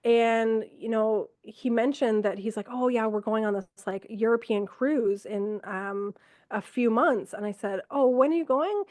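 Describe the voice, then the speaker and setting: A middle-aged woman, an ER nurse from Canada, telling stories from work in a lively conversational way, acting out what she and others said. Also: a little high, measured pace, dry recording. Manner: animated, quotes herself and others, frequent fillers. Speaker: ER nurse, podcast guest. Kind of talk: conversational storytelling.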